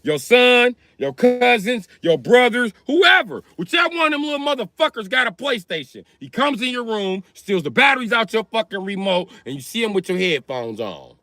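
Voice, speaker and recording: High, bright-voiced ranting man. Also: moderate pace, hardly any pauses, no room sound. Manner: profane, animated storytelling. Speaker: livestreamer. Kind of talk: comedic livestream rant.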